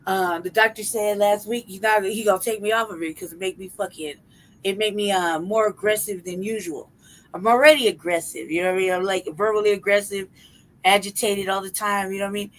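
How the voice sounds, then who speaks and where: Over a rough recording, a mid-range female voice speaks fairly quickly. She's a young podcast co-host swapping stories in relaxed conversation, cursing freely and breaking into frequent laughter while she narrates with energy.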